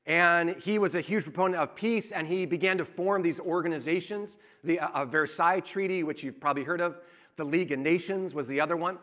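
A man, his voice bright and a little higher than most men's. He tells his story conversationally and acts out the back-and-forth in lively asides. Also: a little fast. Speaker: pastor. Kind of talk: sermon.

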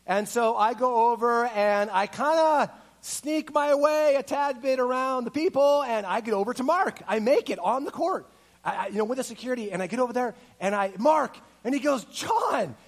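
A middle-aged man preaching a sermon, telling a lively personal story and acting out the voices in it. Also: very high voice, moderate pace. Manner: animated storyteller, acts out voices and quotes. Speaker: pastor.

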